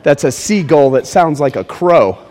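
A man preaching a sermon as pastor, animated, acting out little scenes and speaking straight to his congregation. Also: fairly high pitch, normal speed, slight background noise. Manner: animated, acts out quotes, addresses congregation directly. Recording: reverberant hall.

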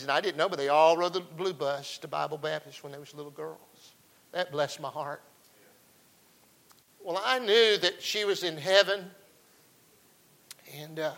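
A man delivers a folksy sermon and keeps calling out to his congregation. His voice is bright and sits a little high for a man. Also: rough recording. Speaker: pastor.

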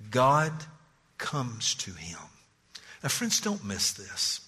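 A man's voice: high-pitched, breathy edge. A man preaching a sermon as pastor, pleading and emphatic, often repeating words as he presses a point. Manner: animated, pleading, emphatic repetitions. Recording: long church-hall reverb.

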